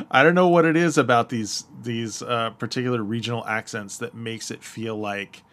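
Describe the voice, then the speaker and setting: This podcast co-host from the United States talks at a normal speed in a medium-pitched, slightly bright voice. The conversation is casual, and he hesitates a lot, using many fillers and laughing frequently.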